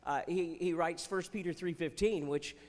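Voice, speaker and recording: A man's voice: fairly high pitch, normal speed, long reverb tail. A man doing chatty Christian stand-up comedy on stage, with playful jokes and asides. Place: festival stage before a live audience.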